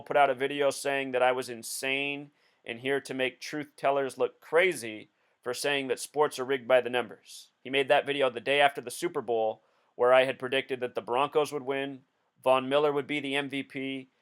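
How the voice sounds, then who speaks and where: A man's voice: mid-range voice, clear, resonant tone. A man hosting a video, talking through a casual commentary in an insistent, explanatory way. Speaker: video host.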